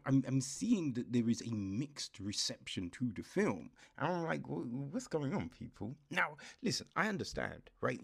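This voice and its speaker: Husky-voiced man reviewing a film, animated. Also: mid-range voice. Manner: animated and profane, often dropping into a whisper; keeps checking in with "you know what I mean".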